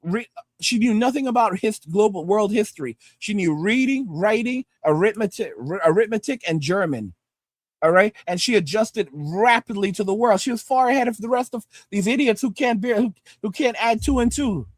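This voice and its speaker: A man's voice: sits high, expressive, moderate pace, dry recording. A man rants angrily and profanely at his viewers, repeating himself as he lectures them. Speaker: livestream host reading viewer comments. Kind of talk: profane ranting commentary.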